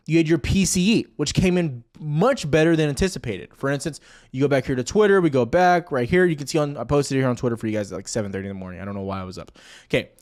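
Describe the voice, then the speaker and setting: A young man hosting casual stock market commentary, talking straight to viewers over charts with joking asides. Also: medium pitch.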